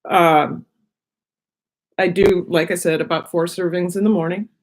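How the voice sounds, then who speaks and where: Chatty low-voiced woman live-streaming. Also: fairly even intonation, measured pace. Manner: chatty, rambling, talks while eating. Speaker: vlogger on her own channel. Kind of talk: casual live-stream chat.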